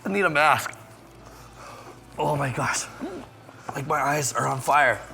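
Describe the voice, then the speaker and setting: A man's voice: a little high, takes it slowly, vocal fry, sharp tone. A man, a youth pastor, nervously chatting and groaning with pain through a spicy food challenge. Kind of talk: casual on-camera chat and food challenge.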